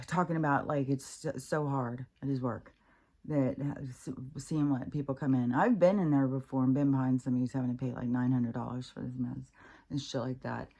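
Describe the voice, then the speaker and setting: A woman's voice: rumbling low, mellow. A woman talking in a casual rambling monologue, frank and frustrated, swearing a lot and restarting her sentences often. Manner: rambling, with many fillers and restarts. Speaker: vlogger.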